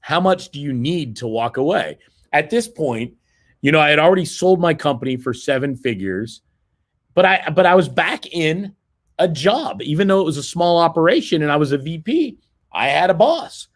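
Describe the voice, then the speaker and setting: A man's voice: a little high, sing-song, moderate pace. A middle-aged man giving a motivational sales seminar, persuading the audience and checking in with frequent "right?" tag questions. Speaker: seminar presenter.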